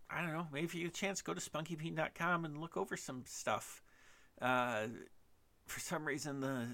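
Halting gravelly-voiced man. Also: mid-range voice, bright, forceful tone. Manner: halting, hesitant, many restarts and fillers; self-deprecating. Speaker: podcast host. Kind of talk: solo podcast monologue.

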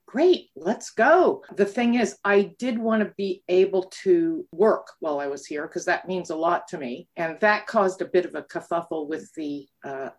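A middle-aged woman with a North American accent, chatting as a podcast guest in a relaxed, self-deprecating way. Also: fairly low pitch. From United States. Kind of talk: conversational interview.

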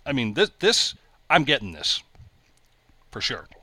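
Bright-voiced joking male podcast host. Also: medium pitch, wildly swooping pitch, a little slow, husky, dry recording. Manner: jokey, enthusiastic rambling. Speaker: show host. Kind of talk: casual podcast chat.

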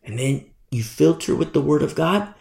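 A middle-aged man preaching a sermon as pastor, animated and repetitive, with many asides. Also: fairly high pitch, normal speed, gravelly, roomy sound.

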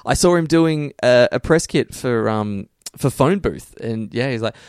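An Australian man hosts a casual podcast and reads out listener mail between jokes and laughs. His voice sits at a middle pitch. The sound is dry and close to the mic. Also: lively intonation, unhurried, few pauses, clear, resonant tone, no room sound. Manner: laughing, joking, reading listener shout-outs. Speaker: podcast co-host.

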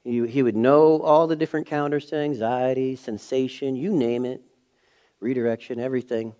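A middle-aged male pastor preaching a sermon in a church. He tells a personal story, moving from hushed, quiet passages to raised, emphatic ones. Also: mid-range voice, fairly even intonation, normal speed, clear, resonant tone.

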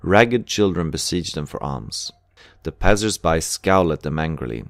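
A man narrates a memoir in a low, deep voice with measured, unhurried pacing. The sound is dry and close. It has no room echo. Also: very animated. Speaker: audiobook narrator. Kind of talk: scripted narration.

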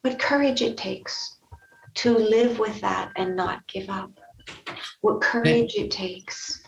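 Gentle woman host, earnest, distant from the mic, dull roomy sound. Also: medium pitch, slow, creaky, noisy background. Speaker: podcast host. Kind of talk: empathetic interview conversation.

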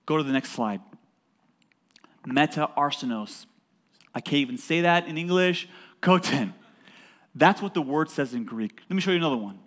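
A man preaching a sermon as a pastor in a church, emphatic and building to loud peaks, with joking asides to the congregation. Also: on the high side, animated, normal speed, long pauses.

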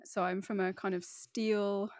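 A woman's voice: mid-range voice, measured pace, no echo. Chatty English woman, dry close mic. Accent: neutral southern English. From Northeast England. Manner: chatty, animated storytelling. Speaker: podcast guest, wine educator. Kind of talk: casual interview chat.

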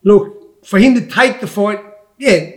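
A man's voice: sits high, unhurried. An Australian man in his sixties, a former boxer, chatting bluntly in an interview and calling everyone "mate" as he rambles. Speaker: former boxer, guest pundit. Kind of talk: casual interview chat.

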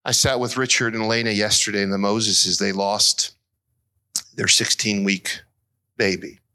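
A middle-aged man preaching a sermon as pastor, earnest and emotional, his voice climbing high as he is moved. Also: fairly even intonation, moderate pace, pushed and bright.

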